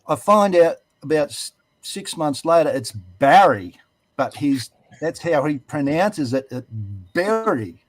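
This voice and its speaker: A man's voice: on the high side, expressive, slow, no echo. Laid-back Australian man, dry sound. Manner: laid-back yarn-spinning, easy laughs. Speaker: panel guest. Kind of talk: casual panel chat.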